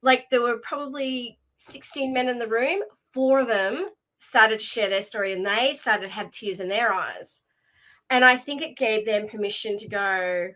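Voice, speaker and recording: A woman guesting on an interview, her voice bright and clear. She talks in a chatty, storytelling way, full of fillers and little restarts. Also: a little high, normal speed, poor audio. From Australia. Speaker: guest, leadership coach. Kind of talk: casual interview conversation.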